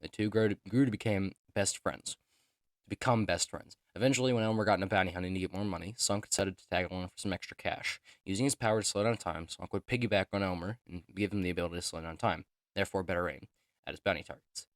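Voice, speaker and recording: A young man reading his own character profiles aloud, rushing through them with joking asides and stumbles. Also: deep voice, steady tone, dry recording, studio quality. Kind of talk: casual reading of written notes.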